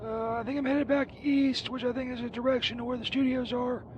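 A man's voice: extremely high pitch, level tone, fairly quick, muffled recording, a little hiss or hum. A man voicing a crude, burned-out Saint Peter who rambles profanely through a comedic voicemail. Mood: rambling. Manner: rambling, profane, distracted, lots of fillers.

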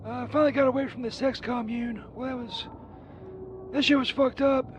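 A man's voice: very high-pitched, fairly even intonation, a little fast, dull audio, background noise. A man doing a crude rambling Saint Peter. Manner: rambling, profane, distracted, lots of fillers. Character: crude burned-out male Saint Peter leaving rambling voicemails. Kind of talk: comedic character voicemail.

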